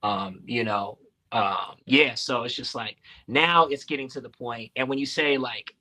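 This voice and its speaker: Bright-voiced laid-back hip-hop artist man. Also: mid-range voice, measured pace, rough recording. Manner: loose, laughing, filler-heavy talk. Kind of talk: casual interview chat.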